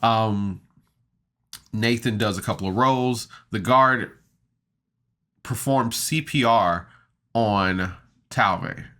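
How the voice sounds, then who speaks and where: A man's voice: fairly low pitch, slow pace, pauses often, pushed and bright. A man casually recapping a tabletop game episode on a podcast, chatty and enthusiastic, with laughs and fillers. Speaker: podcast reviewer.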